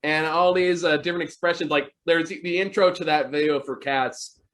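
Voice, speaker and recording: A man's voice: fairly high pitch, steady tone, fairly quick, fairly bright tone. A man hosting a casual talk show, telling long rambling stories about movies with many fillers. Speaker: podcast host. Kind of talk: casual chat.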